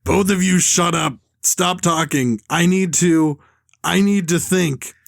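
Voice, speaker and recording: A man reading the lines of a hot-tempered armed male bank robber villain, gruff and threatening. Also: high-pitched, slow pace, dry recording, clean studio sound, full character voice. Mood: angry.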